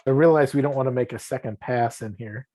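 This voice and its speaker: A man's voice: medium pitch, fast, warm tone, no room sound. A man on a town committee, offering practical suggestions in a casual meeting, with the odd wry aside. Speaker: committee member.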